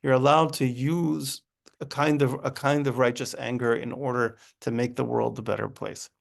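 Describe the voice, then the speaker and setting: A man's voice: medium pitch, flat delivery, normal speed, creaky. A man leading an informal text study class, speaking conversationally with wry asides and thinking aloud as he goes. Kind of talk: informal lesson.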